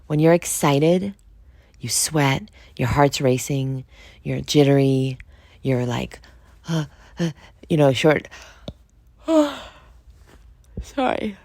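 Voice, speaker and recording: Woman, podcast host, solo monologue, very low voice, dry close sound, candid, curses casually. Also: slow, pauses often, darkish tone, no room sound. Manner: frank and confessional, swears freely; conversational, asks listeners direct questions. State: just woke up.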